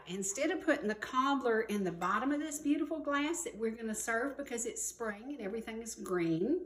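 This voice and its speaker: Her pitch is fairly high and her tone fairly bright as the echoey indoor kitchen rings around her. This talk show host, a Southern US woman in her sixties, runs her cooking segment in a warm, folksy way and uses "y'all."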